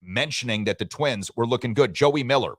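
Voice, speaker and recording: A man's voice: medium pitch, a little fast, dry recording, clean studio sound. A man hosting a sports radio show in casual, joking chat, rambling and reading listener messages.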